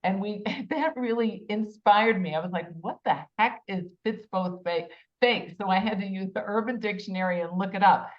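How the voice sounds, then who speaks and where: A woman's voice: mid-range voice, moderate pace, few pauses. A woman hosting a casual panel discussion over a video call. She talks with enthusiasm and chats freely. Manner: enthusiastic, chatty, spells words out. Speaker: talk show host. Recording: slightly muffled lo-fi audio.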